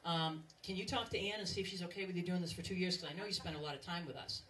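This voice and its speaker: A woman in her fifties races through a joking farewell speech in a lowish voice, serving as the event's emcee and departing president. Full of fillers, she pokes fun at herself while the audience laughs in a large banquet room. It's captured from a distance, noisy beneath the loud crowd.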